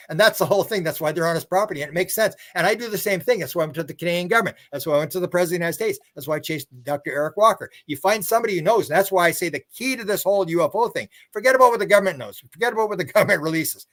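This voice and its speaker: A man's voice: high-pitched, very fast, hardly any pauses, a bit bright. An older man, a guest author and researcher, telling long rambling stories in a casual interview. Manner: rambling storyteller who acts out other people's words.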